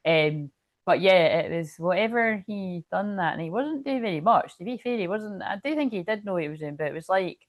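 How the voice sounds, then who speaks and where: A woman's voice: medium pitch, expressive, brisk, no room sound. A woman doing casual live-stream chat as a spiritual reader, telling a rambling story full of swearing.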